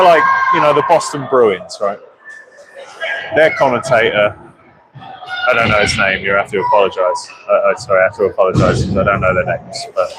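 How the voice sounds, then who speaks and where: A man doing live play-by-play for an ice hockey game with rambling, self-deprecating asides, excitable when a goal goes in. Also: on the low side. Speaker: hockey commentator. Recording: loud arena noise behind the voice.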